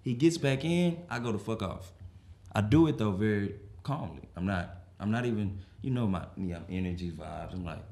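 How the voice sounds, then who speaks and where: Young dude on a podcast telling a crazy story, swearing a lot, voice going way up and down. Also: male voice, on the low side, moderate pace. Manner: animated, profane storyteller who acts out the people in his story. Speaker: podcast co-host. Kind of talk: casual storytelling chat.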